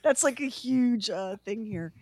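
A woman's voice: fairly high pitch, unhurried. Chatty woman host. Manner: chatty, joking, animated. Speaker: radio show host. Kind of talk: casual chat.

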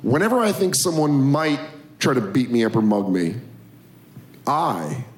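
A man doing a stand-up routine with self-deprecating, deadpan punchlines, recorded live in an echoey comedy club with a laughing audience. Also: medium pitch, measured pace, slight background noise.

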